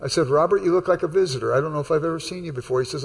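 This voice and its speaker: A man's voice: on the high side, fast talker, hardly any pauses, breathy edge, in a large hall. A man preaching a sermon in a conversational way, telling stories and acting out the dialogue. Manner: conversational, anecdotal, acts out dialogue. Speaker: pastor. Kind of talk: sermon with storytelling.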